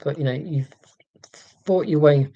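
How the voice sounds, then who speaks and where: A man's voice: fairly high pitch, a little slow, dry recording, lo-fi sound. A man in his forties, chatting to a live-stream audience in a rambling, self-deprecating way, restarting sentences often. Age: 40s. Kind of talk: casual live-stream chat. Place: indoors at home. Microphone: laptop microphone.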